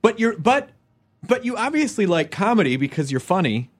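A man's voice: sits high, sing-song. A man hosting a casual chat, asking questions and making jokes. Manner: joking, quick questions. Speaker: host.

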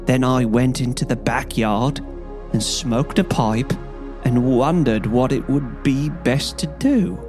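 A man doing a crackling, panicked thief. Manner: begging, high-strung, voice leaping upward. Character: cringing young male hotel thief, panicked. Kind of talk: audiobook character voice.

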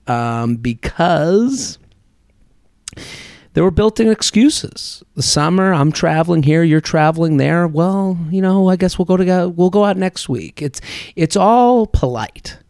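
A man's voice: fairly high pitch, gravelly, a little mellow, clean tone, dry recording, clean studio sound. A man in his thirties hosting a solo podcast, talking in a chatty, rambling, self-deprecating way. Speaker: podcast host.

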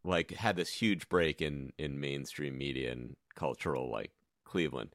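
A man's voice: very deep voice, normal speed, a bit bright, dry recording, clean studio sound. A man co-hosting a podcast, asking a guest long, curious, rambling questions in casual chat. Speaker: podcast co-host.

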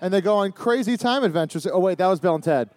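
Teasing high-voiced male co-host. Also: animated, fast talker, darkish tone. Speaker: podcast co-host.

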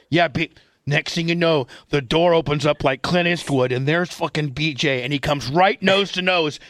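Middle-aged male radio host, bright forceful voice, profane storyteller, dry close sound. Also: fairly high pitch, a little fast, dry recording. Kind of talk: casual storytelling chat.

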